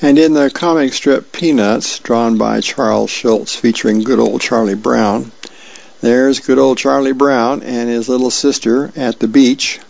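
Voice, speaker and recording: A man reading the comics and birthday list aloud for a reading service, folksy and unhurried with small slips and asides. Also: mid-range voice, gravelly, darkish tone, dry recording. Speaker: volunteer newspaper reader. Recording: dull lo-fi radio recording.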